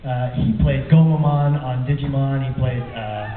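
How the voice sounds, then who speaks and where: A man's voice: mid-range voice, steady tone, measured pace, crowd noise. A man telling booth stories as a voice director on a convention panel, joking and laughing often. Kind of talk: panel storytelling. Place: large convention hall. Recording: distant echoey hall, phone-like audio, audience noise.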